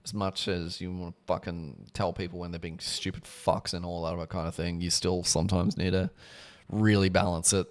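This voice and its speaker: A man's voice: low-pitched, little pitch movement, normal speed. A man reading a book aloud on a livestream, breaking off for casual asides that include swearing. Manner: casual asides with swearing between read passages.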